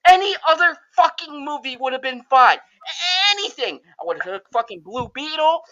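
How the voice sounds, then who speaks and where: A middle-aged man hosting a podcast, ranting loudly and swearing, exasperated. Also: very high-pitched, expressive, moderate pace, muffled recording. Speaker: podcast host. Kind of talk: profane movie rant.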